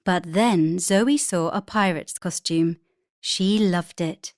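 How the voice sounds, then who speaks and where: A woman reading a children's storybook aloud in a clear, expressive way. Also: lowish voice, slow pace, no echo, studio quality. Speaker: story reader.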